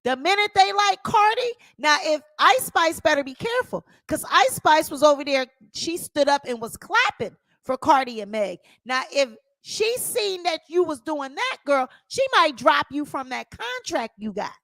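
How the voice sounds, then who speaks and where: A woman's voice: high voice, very animated, normal speed, few pauses, fairly bright tone, no echo. A woman hosting her own channel, giving sassy, opinionated celebrity gossip commentary and calling her viewers honey.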